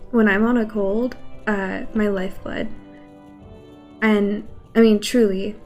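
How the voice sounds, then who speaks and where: A woman game streamer with a scratchy voice from a cold, chatting casually and rambling to her viewers. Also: on the high side. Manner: chatty, rambling, greets chat. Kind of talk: casual chat while gaming.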